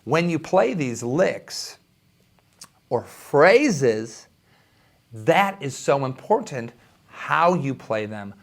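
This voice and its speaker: Young guy teaching guitar, excited and chatty, mid voice, guitar between lines. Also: medium pitch, vocal fry. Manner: enthusiastic and conversational, with quick asides. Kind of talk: guitar lesson. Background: electric guitar playing.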